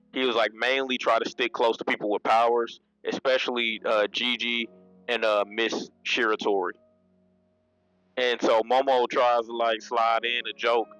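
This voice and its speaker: A man's voice: mid-range voice, fairly bright tone, clean tone, no echo, rough recording. Laid-back man retelling a manga chapter. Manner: loose and conversational, laughs often, many restarts and slang. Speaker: manga reviewer. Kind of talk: casual spoken review, retelling scenes.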